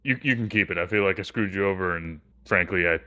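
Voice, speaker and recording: A man voicing an earnest young male adventurer in a tabletop game, with halting, apologetic speech. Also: sits low, sharp tone, muffled recording.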